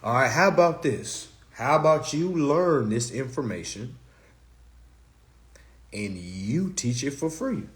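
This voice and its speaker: Animated, profane man ranting on a live stream. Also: medium pitch, takes it slowly. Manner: blunt, profane, animated, with rhetorical questions. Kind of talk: casual live stream rant.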